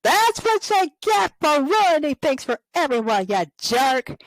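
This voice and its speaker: A woman voicing a sassy young princess in a playful skit, scolding in a high, bratty tone. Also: big pitch swings, a little slow, no room sound, rough recording.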